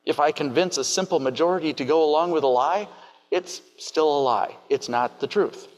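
A man preaching a sermon in a measured, reflective way, asking many rhetorical questions. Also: fairly high pitch, highs cut off. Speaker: pastor.

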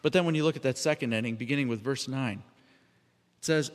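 A man's voice: medium pitch, quick pace. A man preaching a sermon in a conversational way, sometimes acting out the voices of people he quotes. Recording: reverberant hall.

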